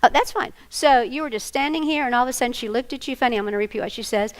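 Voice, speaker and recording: A woman's voice: a little high, very fast, poor audio. A woman giving a training workshop, animatedly acting out scenes with volunteers. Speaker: workshop presenter. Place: conference room before an audience.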